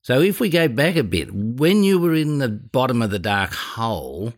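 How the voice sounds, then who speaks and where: A man's voice: mid-range voice, big pitch swings, normal speed. An Australian man hosting a podcast interview, blunt and earthy, dropping his voice when serious. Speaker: podcast host. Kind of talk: casual interview.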